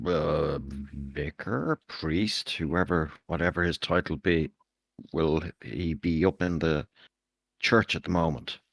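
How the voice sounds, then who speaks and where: A man's voice: very deep voice, slow, vocal fry, a bit bright, no room sound. A man playing a tabletop game, talking in a laid-back, casual way. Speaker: player. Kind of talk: casual tabletop role-play.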